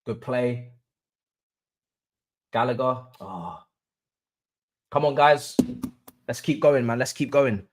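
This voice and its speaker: Excitable young man streaming football. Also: medium pitch, slow pace, long pauses, noisy background. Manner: excitable, swings from murmurs to hype chants. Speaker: livestream host. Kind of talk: live football watch-along chat.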